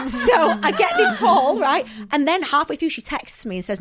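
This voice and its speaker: This young podcast co-host has a high voice and talks fast with hardly any pauses, over a little hiss or hum. Her casual chat is full of lively stories where she acts out what people said.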